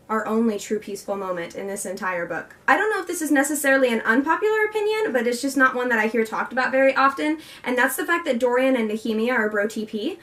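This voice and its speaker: A young woman talks through a book review in a chatty, gushing way, rambling and circling back with fillers. Her voice sits a bit high, and she sounds slightly distant from the microphone. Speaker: book vlogger.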